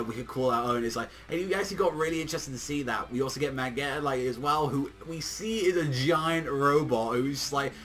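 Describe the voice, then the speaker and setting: Young guy hyped up reviewing an anime ep, super slangy, swears a lot, says like constantly, normal mid voice. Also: medium pitch. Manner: excitable, slangy, swears often, heavy use of "like". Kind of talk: casual video review.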